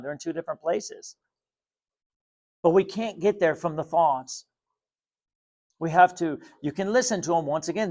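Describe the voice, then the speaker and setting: A man giving a spiritual talk to viewers, calm, repetitive and gently insistent. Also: fairly high pitch. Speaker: spiritual teacher.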